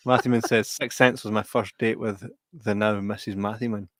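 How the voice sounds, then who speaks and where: A man's voice: lowish voice, fairly even intonation. A man, co-hosting a podcast in sweary, jokey casual chat. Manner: sweary, banterous, quick storytelling. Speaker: podcast co-host.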